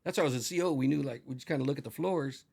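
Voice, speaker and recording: A man's voice: medium pitch, racing, gravelly, darkish tone, husky. A middle-aged man, a retired corrections officer, telling rambling, profane stories as an interview guest. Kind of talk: casual storytelling.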